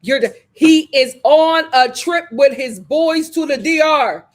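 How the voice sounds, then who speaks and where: A woman's voice: high-pitched, a little slow. A woman hosting a casual, sassy recap of a reality show, talking animatedly. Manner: animated, sassy, sings and riffs.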